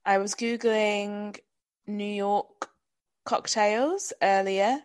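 A woman co-hosting a podcast in casual chat, teasing her co-host playfully and reacting quickly, often with gasps. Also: medium pitch, steady tone, clear, resonant tone, dry recording.

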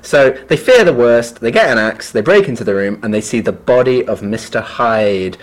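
A man co-hosting a casual book podcast, who chats and laughs, then reads passages in a hushed, slow storytelling voice. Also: medium pitch, lively intonation. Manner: chatty, laughs, trails off into musing. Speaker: podcast co-host.

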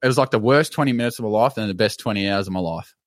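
A man with an Australian accent telling a story on a podcast in a casual, animated way, swearing and laughing as he goes. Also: lowish voice, racing, no room sound. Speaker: podcast co-host.

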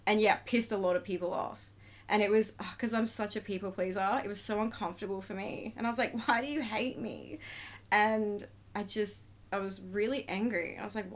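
A woman's voice: medium pitch, a bit bright. A woman, a tattoo artist talking openly and emotionally about her life as a podcast guest. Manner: open and emotional, acts out quoted exchanges. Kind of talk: candid conversational storytelling.

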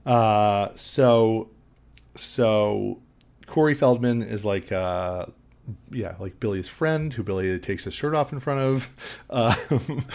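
A man's voice: on the low side, takes it slowly, creaky, a little mellow. A man co-hosting a podcast, recapping a film in casual chat, rambling with lots of fillers and easy laughs. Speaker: podcast co-host.

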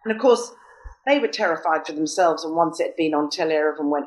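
A woman's voice: sits low, fast talker, low-quality recording. A woman from Britain, a guest on a chat show, telling stories in a wry, self-mocking way. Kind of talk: casual chat.

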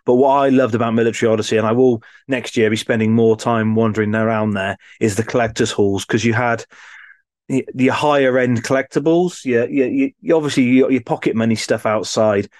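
A man's voice: mid-range voice, fairly even intonation, a little fast, a little mellow, no room sound. A man co-hosting a podcast in casual, rambling chat with frequent restarts. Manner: chatty, rambling, with restarts and laughs. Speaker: podcast co-host.

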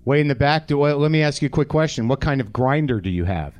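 A man's voice: mid-range voice, animated, fast, a little mellow. A man in his forties hosting a comedy podcast live on a theatre stage, riffing with the audience in a profane, sardonic way. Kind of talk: live stand-up banter with audience.

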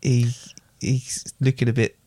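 A man's voice: mid-range voice, completely flat delivery, a little slow, mellow, no echo. A man co-hosting a casual podcast, easygoing, guessing aloud with hesitant fillers. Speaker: podcast co-host. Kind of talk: casual chat.

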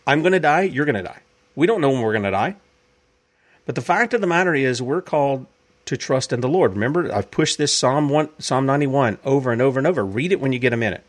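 Emphatic man with a lively voice. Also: mid-range voice, fast. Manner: emphatic, repeats points for effect. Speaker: podcast host. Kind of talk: opinionated commentary.

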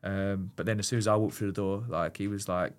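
A man's voice: sits low, brisk. A man, a former goalkeeper telling a long story as a podcast guest, full of fillers and restarts. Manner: rambling, animated storyteller with many fillers and restarts. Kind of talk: casual storytelling chat.

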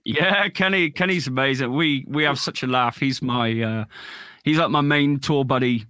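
A man's voice: medium pitch, moderate pace, pushed and bright, clear, resonant tone, no room sound, studio quality. A man, a guest musician, telling stories in a casual podcast interview, laughing often and swearing casually.

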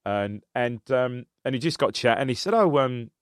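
A man's voice: medium pitch, animated, moderate pace, clean tone, no echo, clean studio sound. A man co-hosting a podcast, rambling through a football anecdote in a loose, chatty way. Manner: rambling anecdotal storyteller, laughs at own story. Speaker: podcast co-host. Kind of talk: casual football chat.

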